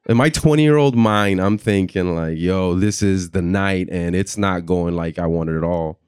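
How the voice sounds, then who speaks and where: A man's voice: low-pitched, moderate pace, few pauses, clear, resonant tone, no echo. A young man doing stand-up comedy, telling a long story and acting out the voices of the people in it. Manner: animated, acts out voices and reactions.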